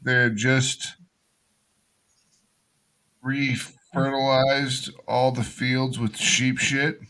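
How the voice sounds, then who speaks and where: A man with a bright, forceful voice at a middle pitch trades jokey stories in casual chat. He swears freely and keeps the banter loose. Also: flat delivery, extremely slow, low-quality recording. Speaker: stream host.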